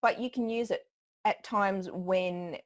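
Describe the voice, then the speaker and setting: A woman's voice: mid-range voice, takes it slowly. A woman who trains people in public speaking, a guest giving conversational expert advice and laughing often as she explains.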